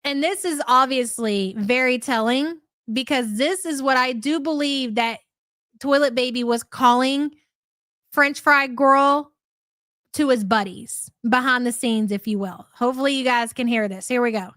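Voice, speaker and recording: A woman's voice: high-pitched, unhurried, fairly bright tone, no echo, clean studio sound. A middle-aged woman hosting a live reaction stream, talking bluntly and profanely with scornful laughs. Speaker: host.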